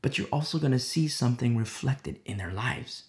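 A man preaching a sermon in a loose conversational way with many fillers, dropping to a hushed voice when he prays. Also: medium pitch, expressive, moderate pace. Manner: many fillers, acts out quoted people. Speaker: pastor.

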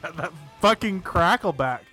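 A man's voice: high voice, expressive, moderate pace, pushed and bright, faint music behind. A man co-hosting a podcast, talking in an emphatic, argumentative way and swearing freely. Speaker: podcast co-host. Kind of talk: casual chat.

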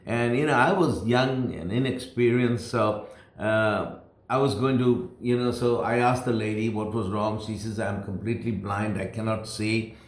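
A man's voice: mid-range voice, a little slow, reverberant. A male pastor preaching from his home, telling a story in a rambling, conversational way with many restarts. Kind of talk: sermon told as a personal story.

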